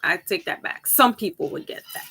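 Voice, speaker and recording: A woman tarot reader chatting casually with her viewers, rambling from topic to topic, laughing easily and jumping up high for emphasis. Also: expressive, brisk, creaky, bright, forceful tone, breathy edge. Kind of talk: casual chat with viewers before a reading.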